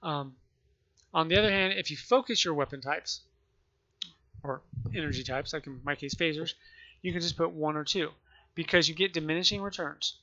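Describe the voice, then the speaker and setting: A man with the hiccups explaining gameplay in a rambling, halting way, often restarting and correcting himself. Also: on the high side, sharp tone. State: has the hiccups. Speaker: gaming video creator. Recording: muffled lo-fi mic.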